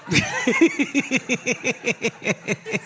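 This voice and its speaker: Woman comic host, live stage, high bright voice, brash and profane. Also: wildly swooping pitch, extremely slow. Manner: brash, blunt, laughs through her stories. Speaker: podcast host.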